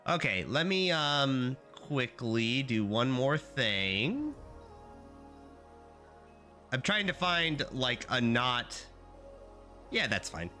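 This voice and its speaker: A bright, lively male streamer chatting casually from his apartment. He talks through a sore throat, and his voice bounces all over with excitement as he breaks into high, playful greetings. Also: extremely slow, long pauses, faint music behind. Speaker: game dev streamer. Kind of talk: casual live stream chat.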